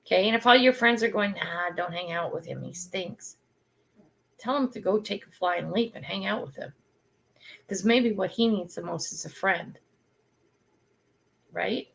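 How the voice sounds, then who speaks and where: With a creaky, mid-range voice, an older woman runs a relaxed livestream. She spins stories like a talkative, bossy grandmother, frequently breaking into laughter.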